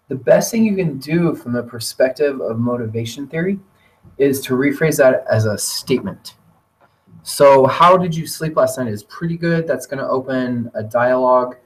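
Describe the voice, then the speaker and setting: A man presenting a teacher training webinar, talking in a relaxed conversational way with occasional fillers. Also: mid-range voice. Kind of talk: webinar lecture. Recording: voice distant from the mic.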